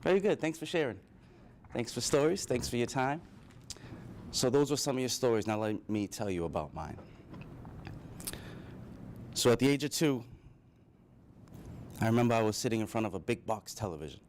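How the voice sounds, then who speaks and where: A man's voice: medium pitch, animated, normal speed, pauses often, a little mellow, a little hiss or hum. A man speaking to a live audience, telling his own childhood story with earnest emotion. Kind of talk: personal storytelling speech.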